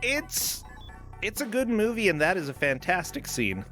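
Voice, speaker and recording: A man's voice: sits high, normal speed, faint music behind. A man hosting a casual game stream, commenting playfully on the action and cracking jokes. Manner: playful, jokey, animated. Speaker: stream host.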